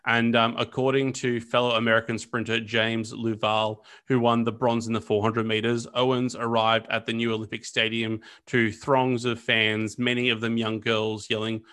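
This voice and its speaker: A man's voice: medium pitch, completely flat delivery, moderate pace, hardly any pauses, a bit bright. A man co-hosting a casual history podcast, chatting loosely with plenty of fillers and restarts. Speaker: podcast co-host.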